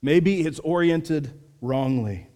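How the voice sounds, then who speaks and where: A man in his thirties preaching a sermon as pastor, earnest and measured, sometimes dropping to a soft, quiet delivery. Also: a little high. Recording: long hall reverb.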